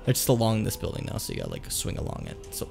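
A man's voice: lowish voice, gravelly. A man coaching a video game player on a livestream, swearing casually, teasing, and laughing often.

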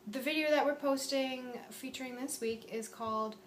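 A woman's voice: high voice, normal speed. A woman co-hosting a vlog, chatting casually and reading viewer comments aloud. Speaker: vlog co-host. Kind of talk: casual chat. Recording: echoey room, camera at a distance, noisy.

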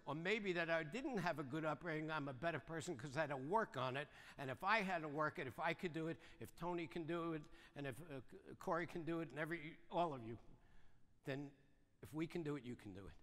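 Fast-talking older man in a big hall. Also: fairly high pitch, a bit bright. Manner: fast, punchy, keeps asking the audience "right?" and "yes or no?". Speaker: seminar speaker. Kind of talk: motivational seminar talk. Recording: long reverb of a large hall.

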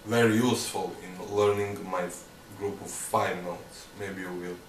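A man teaching drum sticking patterns, counting beats aloud in loose, halting phrasing. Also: low voice, steady tone, slight background noise. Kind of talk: instructional demonstration. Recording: echoey room, mic at a distance, loud clatter.

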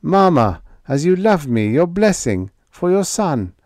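An anguished, wounded space captain, as a male narrator puts him on in a storybook reading. He speaks slowly in a strained, grim tone with a lowish voice, recorded dry and close. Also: a little mellow, smooth, no echo. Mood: pleading.

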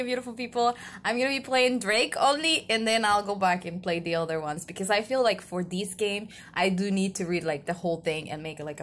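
A young adult woman vlogger chatting casually and excitedly about a story game, giggling and gushing as she fangirls. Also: medium pitch, a little hiss or hum. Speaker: gameplay vlogger. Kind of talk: casual chat.

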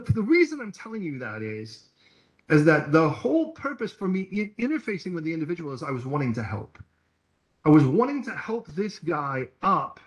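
A pastor with a fairly high-pitched voice preaches in a church hall where the room echoes. His sermon is full of stories, and he performs the quoted voices of the people in them.

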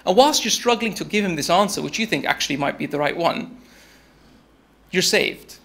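A young man with a strikingly high, gravelly voice tells a story at normal speed in a TED-style talk. He keeps it casual and conversational, speaking straight to his listeners as "you."

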